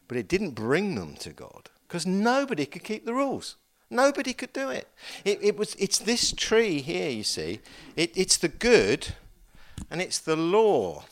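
A male pastor preaching a sermon in an animated, chatty way, with asides and dramatic emphasis. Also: high voice.

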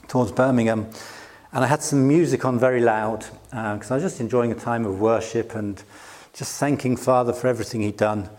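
A middle-aged British pastor preaches a sermon in a conversational, self-deprecating way, laughing often. He speaks British English in a mid-range voice with a somewhat dark tone.

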